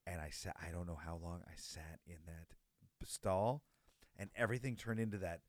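Low-voiced laid-back man, dry sound. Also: steady tone, no room sound. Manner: laid-back, profane, quick reactions. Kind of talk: casual conversation.

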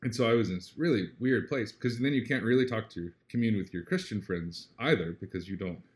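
A man with a low voice talks casually as an interview guest. He is earnest and reflective, tosses in "right?" often, and brightens up when telling a story. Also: a little fast. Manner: animated when retelling a story.

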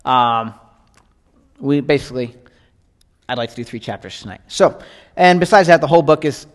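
A man teaching through a Bible book in a casual, conversational way, reading verses and acting out lively asides. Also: medium pitch, normal speed, in a large hall. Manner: conversational, animated, acts out voices in asides. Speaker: pastor.

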